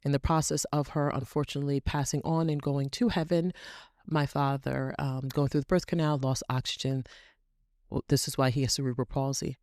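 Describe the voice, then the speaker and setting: A woman with a low voice hosts an inspirational podcast monologue. She tells stories animatedly, repeating phrases for emphasis. The sound is dry and close. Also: level tone, fairly quick, a little mellow, no echo. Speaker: podcast host.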